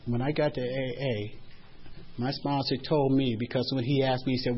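A man's voice: medium pitch, fairly even intonation, fairly quick, slight background noise. An older man speaking at a recovery meeting, giving heartfelt personal testimony with earnest, emotional storytelling. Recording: dull lo-fi recording.

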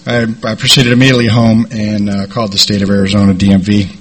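Middle-aged man, low husky voice, rambling personal recovery story full of "and, uh". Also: level tone, fairly bright tone. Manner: rambling, halting delivery with repeated "and, uh". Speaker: speaker sharing a recovery story.

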